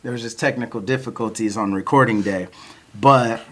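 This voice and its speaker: A man's voice: lowish voice, normal speed. Laid-back man telling a story. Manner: laid-back, chuckles often, many fillers like "like" and "you know". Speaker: podcast host and battle rapper. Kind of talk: casual storytelling chat.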